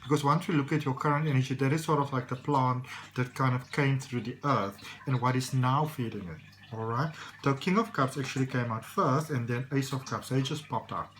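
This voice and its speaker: A man's voice: mid-range voice, fairly quick, fairly bright tone, a little hiss or hum, low-quality recording. A man giving a casual tarot reading, rambling and reassuring with many fillers. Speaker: tarot reader.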